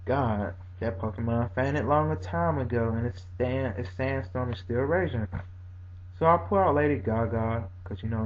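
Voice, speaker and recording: A man giving casual, animated commentary over a video game battle, reacting with frequent exclamations. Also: medium pitch. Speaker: gaming commentator. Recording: dull lo-fi recording with faint hum.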